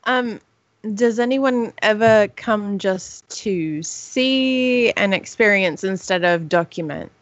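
Slow-talking curious woman host. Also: medium pitch, no echo. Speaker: podcast host asking questions. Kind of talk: casual podcast chat. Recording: dry, dull sound.

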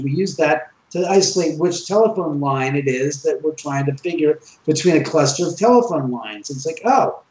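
A man with a somewhat high voice tells stories in a casual podcast chat. He acts out every line of dialogue. The recording is roomy and a little dull. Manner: animated, acts out quoted dialogue. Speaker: guest, owner of a reputedly haunted house.

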